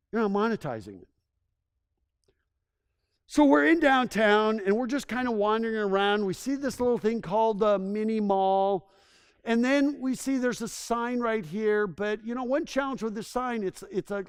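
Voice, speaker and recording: Man, high-pitched voice, enthusiastic presenter, rambling stories, frequent restarts, speaking to a live audience. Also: clean tone. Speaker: presenter giving a town assessment.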